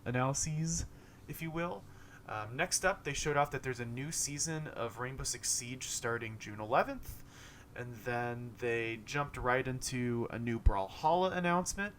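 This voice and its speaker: A man's voice: medium pitch, fairly bright tone, slight background noise. A young man casually recapping a game showcase, rambling, with many fillers and self-corrections. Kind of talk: casual commentary monologue.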